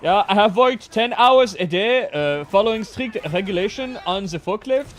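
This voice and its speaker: A man's voice: sits high, animated, moderate pace, voice pushed up. A man putting on a mock German factory worker. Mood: mock-proud. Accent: put-on German.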